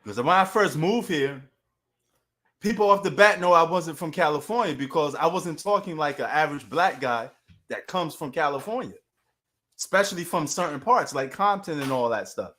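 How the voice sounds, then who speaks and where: A man from New York with a New York accent, chatting casually on a sports live stream, loose and animated, full of street slang. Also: on the high side, normal speed.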